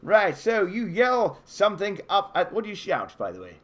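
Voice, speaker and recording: A man narrates a live tabletop adventure for children, his voice slightly high for a man. His delivery swoops up and down as he paints each scene and lays out the players' options. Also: normal speed. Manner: animated storytelling, offering choices. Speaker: game master.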